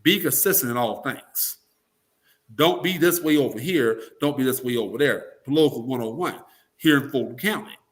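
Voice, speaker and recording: A man's voice: medium pitch, normal speed. A man giving blunt, emphatic opinions as a political guest, often swearing and acting out the voices of the people he quotes. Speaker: political guest, talk radio personality. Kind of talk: opinionated interview talk.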